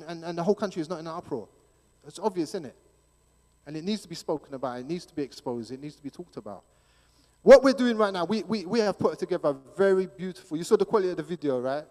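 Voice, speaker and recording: A man speaking at a church gathering, emphatic and animated, often repeating words as he presses his point. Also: high voice. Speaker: church speaker promoting a schools ministry. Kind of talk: church appeal talk. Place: church hall. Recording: long hall reverb.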